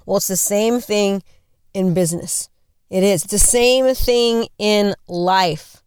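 Forties female motivational speaker, earnest and conversational, mid-pitched voice, dry sound. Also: slow pace, darkish tone, clean tone, no echo. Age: 40s. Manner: earnest, conversational, repeats questions for emphasis. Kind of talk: motivational talk.

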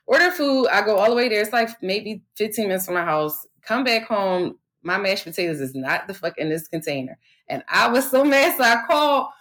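A woman's voice: mid-range voice, expressive, a little fast, hardly any pauses, fairly bright tone. A woman in her thirties, a podcast co-host, talking candidly and profanely in a casual chat, rambling with lots of fillers. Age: 30s.

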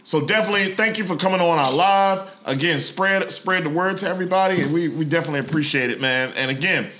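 A man in his forties hosting a casual live podcast with friends, loud and laughing as he hypes an event. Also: fairly high pitch, quick pace. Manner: loud, laughing, hyped promoter. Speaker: podcast host.

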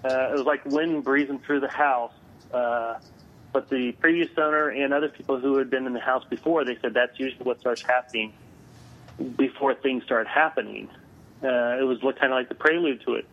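A man, a guest on an interview, telling a story over the phone, halting with many filler sounds. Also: mid-range voice, steady tone. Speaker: guest paranormal investigator. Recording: tinny phone line.

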